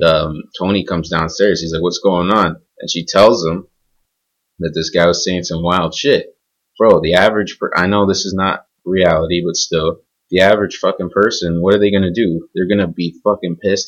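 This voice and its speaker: Profane rambling young man, husky and low. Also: fairly even intonation, normal speed. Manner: profane, rambling, emphatic with frequent "man" and "bro". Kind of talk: casual rant. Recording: dull lo-fi recording.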